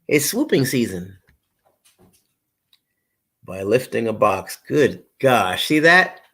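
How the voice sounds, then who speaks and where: A man's voice: medium pitch, sing-song, slow, a bit bright, breathy edge. A middle-aged man hosting a live stream, chatting casually in a rambling way, repeating himself and greeting viewers by name. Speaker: livestream host.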